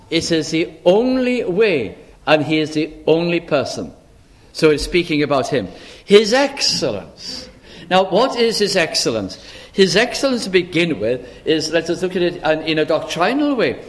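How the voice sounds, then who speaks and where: A man preaches in an earnest, measured way, pausing for emphasis and often restarting a phrase. His voice sits a little high and moves up and down with great life. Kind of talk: expository sermon.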